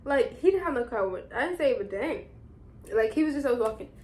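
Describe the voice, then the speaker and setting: A woman in her twenties, a vlogger casually chatting and rambling through a recap with quick asides. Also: fairly high pitch, expressive, a little mellow. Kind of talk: casual chat.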